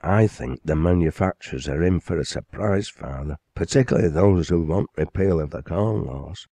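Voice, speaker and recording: A man reading a calm concerned daughter. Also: sits low, normal speed, no room sound. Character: calm concerned young woman, his daughter.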